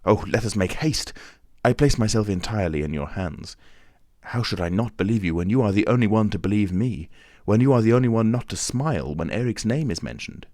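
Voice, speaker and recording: A man's voice: lowish voice, expressive, fairly quick, a little mellow, dry recording, clean studio sound, close to an everyday voice. A man reading an audiobook, voicing an impatient, feverish young nobleman with an urgent, pleading delivery. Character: young impetuous nobleman Raoul, agitated.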